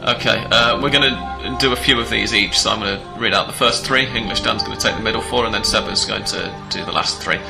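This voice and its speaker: A man's voice: on the low side, fairly quick, gravelly, hardly any pauses, echoey room, over music, rough recording. A man hosting a casual podcast chat about football in a wry, chatty, self-deprecating way. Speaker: podcast host.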